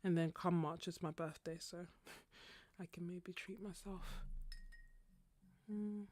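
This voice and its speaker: A woman's voice: lowish voice, fairly even intonation, slow pace, a little mellow. Chatty woman painting on a live stream. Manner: chatty, laughs often, greets viewers by name. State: slightly husky throat, clearing it. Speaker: art YouTuber hosting a live painting stream. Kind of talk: casual chat while painting.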